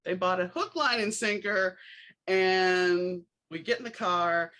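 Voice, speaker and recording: Bright-voiced woman telling wry stories. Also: lowish voice, slow pace. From New Orleans, USA. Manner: animated storyteller, acts out dialogue with wry asides. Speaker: podcast host. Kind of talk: casual storytelling chat.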